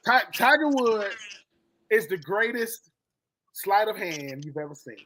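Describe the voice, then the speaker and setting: Bright-voiced animated man joking. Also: sits high, a little slow, low-quality recording. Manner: animated, joking, acts out quoted people. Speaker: podcast co-host. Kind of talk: casual sports podcast chat.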